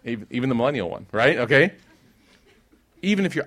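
A man's voice: medium pitch, sing-song, fast talker, pauses often, fairly bright tone. A young man giving an informal sermon, talking casually with the crowd, then rising to emphatic peaks. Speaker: preacher.

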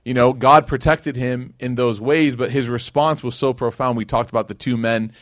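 A man's voice: mid-range voice, fairly even intonation, moderate pace, no echo, studio quality. A man from Chicago teaching a conversational sermon, telling stories with slang and acted-out quotes. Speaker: Islamic teacher. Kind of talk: casual sermon.

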